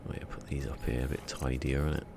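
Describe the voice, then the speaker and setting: A man's voice: a bass voice, level tone, fast talker, noisy background. A man streaming a game, rambling and muttering to himself in a casual chat. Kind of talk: casual gameplay livestream chat. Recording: game music in the background.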